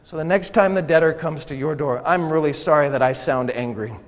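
A man's voice: on the high side, a little fast. A man preaching a sermon to a congregation in a church, with impassioned, emphatic delivery. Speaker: pastor. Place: church sanctuary before a congregation. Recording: long hall reverb.

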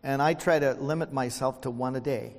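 A man's voice: medium pitch, fairly even intonation, brisk. An older man preaching a sermon as a pastor, telling folksy stories and calling out for amens. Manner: folksy storytelling, calls for amens. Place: church sanctuary. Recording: long hall reverb.

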